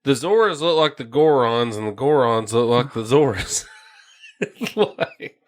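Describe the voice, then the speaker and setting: A man's voice: mid-range voice, a little slow. Laughing, profane male podcast host. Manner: laughs often, riffs profanely. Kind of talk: crude joking banter.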